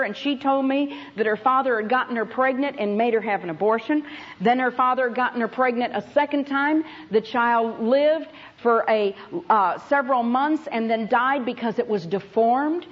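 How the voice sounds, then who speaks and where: A woman's voice: a little high, normal speed, dull audio. A woman Bible teacher giving a sermon to a conference audience, telling stories with emphasis and speaking to them directly.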